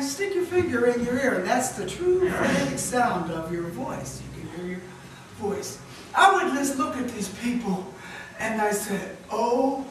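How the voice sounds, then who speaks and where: A pastor giving a sermon, swinging from loud emphatic bursts to hushed asides. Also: male voice, very high-pitched, a little hiss or hum. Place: chapel. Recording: very echoey chapel, mic far off.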